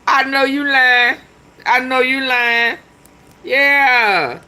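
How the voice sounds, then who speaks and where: A woman's voice: sits high, slow pace, sharp tone. A woman hosting a casual commentary show, talking back at clips in a drawling, repetitive way. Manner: drawling, talks back at clips, repeats herself.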